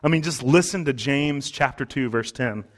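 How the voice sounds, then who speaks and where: A pastor delivering a Sunday sermon in a relaxed, conversational way. He talks at a middle pitch and stops to restart phrases and say "uh" as he thinks. The speech is plain and unscripted. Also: normal speed. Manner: conversational preaching with fillers and restarts.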